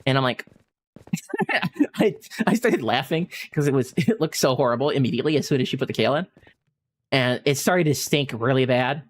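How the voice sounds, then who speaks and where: A male streamer spins a funny anecdote in an easy, chatty way. His pitch swings high and low as he tells it. He keeps slipping into bursts of laughter. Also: fairly quick, slight background noise. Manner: animated anecdote-telling, often breaking into laughter. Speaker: gaming streamer. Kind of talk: casual storytelling while streaming.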